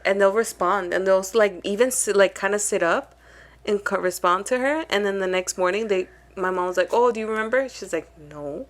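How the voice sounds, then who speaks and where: A woman's voice: mid-range voice, normal speed. A young woman co-hosting a podcast in casual, slangy chat, mixing Spanish phrases into her talk. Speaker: podcast co-host.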